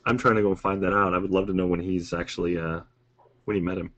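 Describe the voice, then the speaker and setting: A man with a very deep voice, talking as a podcast guest. He rambles and drifts off topic in a loose, conversational way. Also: little pitch movement, fast, a bit bright, dull audio. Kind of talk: casual podcast discussion.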